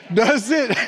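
A male preacher delivering a sermon in an animated way, chuckling often and stretching words for emphasis. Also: very high-pitched.

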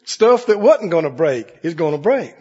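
A man preaching a sermon in a large church. He works the crowd with call-and-response, swinging from loud, high cries down to low murmurs. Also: very animated, moderate pace, slightly rough. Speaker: pastor. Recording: muffled recording with long hall reverb.

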